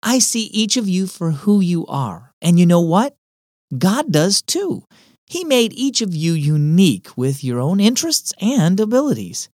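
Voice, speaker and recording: A male narrator voicing a gentle mother of twin boys in a children's storybook reading, calm and lightly teasing. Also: high-pitched, a little slow, no room sound, studio quality, voice pushed up, exaggerated voice.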